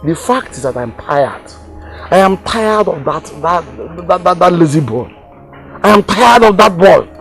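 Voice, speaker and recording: A fed-up father mocks and complains about his idle son. His high voice is lively, with a Nigerian accent and faint music. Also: unhurried, creaky, exaggerated voice. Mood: exasperated. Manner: complaining, mocking. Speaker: exasperated father.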